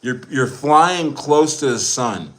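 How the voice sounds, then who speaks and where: Male streamer, slow loose delivery, rambling casual commentary to viewers. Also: medium pitch, animated, fairly bright tone, faint music behind. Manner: rambling, repeats himself, addresses viewers as guys. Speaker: crypto streamer.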